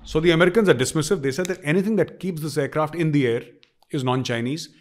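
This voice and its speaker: A man's voice: fairly high pitch, quick pace. A middle-aged man with an Indian accent, giving emphatic opinion commentary and repeating phrases for stress.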